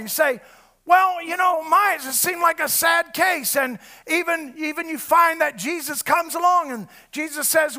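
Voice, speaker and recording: Male preacher, sermon delivery; very high, bright voice; shouts, then goes quiet. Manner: fervent, often shouting, swings between loud and low.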